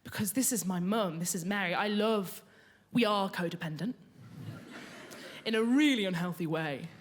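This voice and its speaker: A young woman telling a comic, confessional story onstage at a live storytelling event. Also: medium pitch. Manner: comic, confessional, builds to punchlines.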